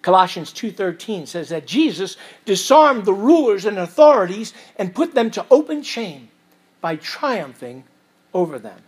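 A man preaching an expository sermon as pastor, reading scripture aloud and swinging between loud emphasis and quiet asides. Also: high voice, sing-song, a little slow, breathy edge.

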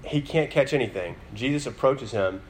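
Man preaching in a relaxed, talky way. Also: medium pitch, moderate pace, a little hiss or hum. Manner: conversational preaching, many fillers, building emphasis. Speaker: pastor. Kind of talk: sermon.

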